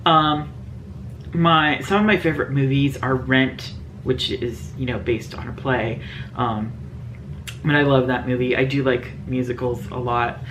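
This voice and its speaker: A woman's voice: a bass voice, fairly even intonation, measured pace, a bit bright, a little hiss or hum. Rambling woman beauty vlogger. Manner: rambling, lots of fillers. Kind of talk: casual Q&A chat to camera.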